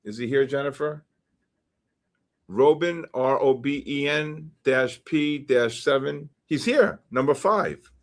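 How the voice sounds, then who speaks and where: A man hosting a livestream, reading out numbers and usernames for a giveaway and getting excited about each winner. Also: mid-range voice, slow. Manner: excitable, shouts when names are drawn. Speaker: livestream host. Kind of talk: live-stream giveaway draw.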